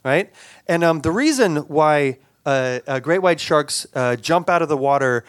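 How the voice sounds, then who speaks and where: A man telling a personal story aloud, halting and repeating words, with animated sound effects. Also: a little high, clear, resonant tone, no echo.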